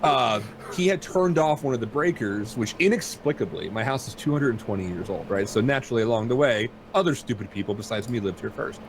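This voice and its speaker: A man's voice: medium pitch, expressive, fairly quick, hardly any pauses, a little hiss or hum. A man hosting a podcast from home, telling a rambling, self-deprecating story in casual chat. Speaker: podcast host.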